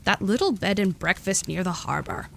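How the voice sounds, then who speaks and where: A woman voicing a grumpy, practical older woman who grumbles and speaks slowly and dryly in a storybook reading. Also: mid-range voice, animated, creaky, slight background noise. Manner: grumbling, dry, slow.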